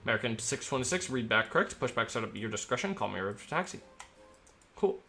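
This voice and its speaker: A man's voice: medium pitch, expressive, quick pace, creaky, pushed and bright, faint music behind. Chatty man working as a tower controller. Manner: chatty and upbeat, rambling asides between clipped controller calls. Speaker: streamer acting as air traffic controller. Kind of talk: live-stream commentary mixed with radio phraseology.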